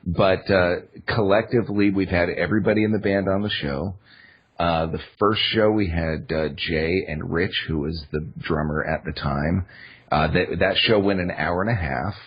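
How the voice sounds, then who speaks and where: A man's voice: deep voice, steady tone, normal speed, slightly rough, highs cut off. A man on a podcast chatting casually as a guest, rambling with many fillers. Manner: rambling, filler-heavy storytelling.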